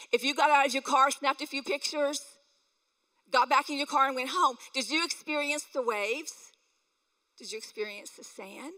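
Bright high-voiced woman preaching a sermon. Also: big-room sound, rough recording. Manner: animated preaching, acting out voices in quotes. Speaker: pastor.

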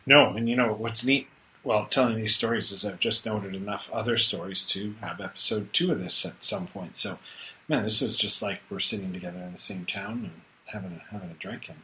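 Podcast host guy, bright sharp voice, faint hiss behind. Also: on the low side, a little fast, rough recording. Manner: relaxed, brief agreeing replies. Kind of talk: casual podcast chat.

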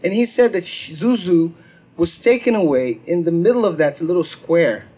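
High-voiced man telling a stand-up story. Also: moderate pace, slightly rough. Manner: profane, animated, acts out quotes with shouts. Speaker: stand-up comedian. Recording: live crowd laughter. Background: audience laughter.

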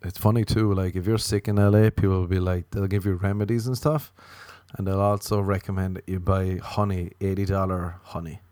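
A man with a low voice rambles through a crude, self-mocking comic monologue. He keeps jumping into high, mocking voices to quote the people in his stories. The sound is dry and close. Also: flat delivery, fairly quick, dark tone, dry recording. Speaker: comedian.

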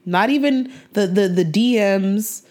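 A young woman speaks in an earnest, heartfelt voice at a medium pitch for a woman. She hosts a faith podcast and rambles a little, circling back and restarting her thoughts. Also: a little slow, darkish tone. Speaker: podcast host. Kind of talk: faith-based podcast monologue.

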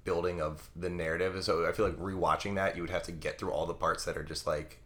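Young male co-host, very low voice, casual and hedging. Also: steady tone, fast talker, fairly bright tone. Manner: hedging, lots of filler words. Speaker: podcast co-host. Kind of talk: casual chat.

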